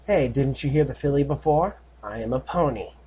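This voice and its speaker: A man's voice: medium pitch, brisk, mellow, breathy edge, natural voice. A man voicing a smug, sinister female pony creature in a fan audiobook, talking in a sarcastic, offhand way.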